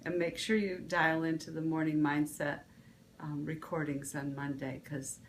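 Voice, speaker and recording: A woman's voice: deep voice, little pitch movement, moderate pace, slight background noise. A woman vlog host, giving a casual motivational talk, rambling with restarts and fillers.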